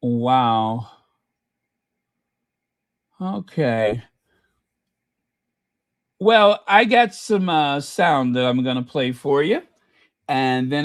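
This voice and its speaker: A man's voice: mid-range voice, drawn-out words, pauses often, no room sound, clean studio sound. A man hosting a casual livestream, rambling with many fillers and reading viewer comments aloud. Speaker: channel host.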